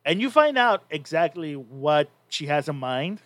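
A man co-hosts a casual podcast and retells a story in a loose, rambling way, restarting his sentences often. His voice sits a little high. The sound is dry and close, with no room around it. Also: very animated, measured pace, a bit bright, no echo. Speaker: podcast co-host. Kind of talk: casual chat recapping a story.

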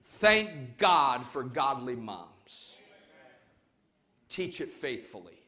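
A male pastor preaching a sermon to his congregation, emphatic, swinging between loud calls and quiet urging. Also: medium pitch, sing-song, drawn-out words. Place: church service before a congregation.

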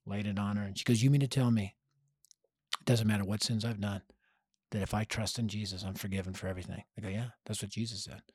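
This Denver man's voice sits on the low side, husky and quick, with no room sound. As a podcast guest and youth ministry leader, he animatedly recounts his life, punchy and energetic, performing the voices of those he quotes.

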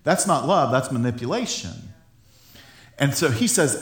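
A man's voice: medium pitch, expressive, moderate pace, reverberant. A man giving an informal Bible teaching, enthusiastic and laughing often, stumbling over repeated words as he talks.

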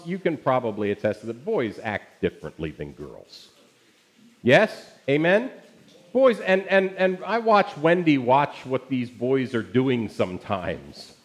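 A man preaching a Father's Day sermon as pastor, telling stories in a conversational way and turning to the congregation with asides. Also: mid-range voice. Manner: conversational storytelling with audience asides.

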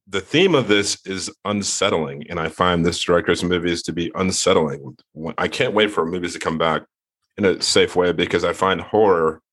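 A man's voice: sits low, fairly bright tone. A man co-hosting a podcast, speaking plainly and directly in casual chat. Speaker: podcast co-host.

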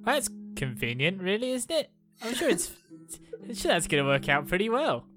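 A woman's voice: medium pitch, big pitch swings, normal speed, music in the background. A woman playing in a tabletop game, talking playfully with many hesitations. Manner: playful, hesitant, full of fillers. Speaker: player. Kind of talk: casual tabletop role-play.

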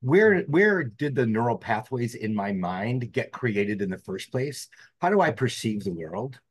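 A man's voice: medium pitch, big pitch swings, measured pace, husky, no room sound. A man, a podcast guest telling a personal story in an earnest, reflective way. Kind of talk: storytelling interview.

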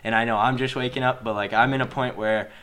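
A man's voice: mid-range voice, steady tone, fast, a bit bright. A young man co-hosting a casual podcast, earnest and rambling, with lots of "like" and "bro". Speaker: podcast co-host.

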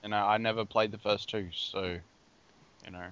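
A man co-hosting a casual gaming podcast, hesitant and trailing off quietly. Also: on the low side, flat delivery, moderate pace, clear, resonant tone. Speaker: podcast co-host. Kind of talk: casual chat. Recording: dull lo-fi audio.

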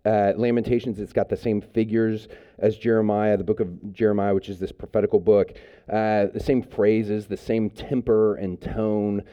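A man's voice: lowish voice, level tone, normal speed, smooth, highs cut off. A man preaching a sermon as pastor, speaking in a conversational way with frequent fillers and restarts.

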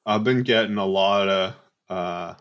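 A man's voice: sits low, unhurried, fairly bright tone, lo-fi sound. A man ranting profanely and laughing at his own stories in casual podcast chat. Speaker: podcast co-host.

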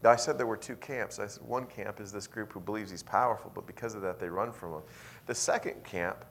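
A man pastor preaching a sermon in a church, telling a story with animated swings from hushed, intimate lines to loud, emphatic ones. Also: fairly low pitch, a little fast, vocal fry.

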